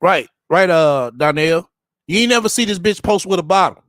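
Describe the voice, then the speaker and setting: A man's voice: high voice, lively intonation, moderate pace, fairly bright tone, no echo, clean studio sound. Sarcastic, swearing man commentator. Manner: sarcastic, mocking, heavy swearing. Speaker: reaction commentator. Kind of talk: profane reaction commentary.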